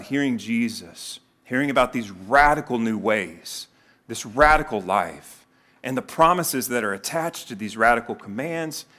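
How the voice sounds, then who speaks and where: A man delivers a sermon in an ordinary middle-pitched voice. He keeps it conversational, breaking into acted-out quotes with sudden leaps in pitch and loudness before settling back down. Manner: animated preaching, acts out quoted voices with sudden pitch jumps. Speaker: pastor.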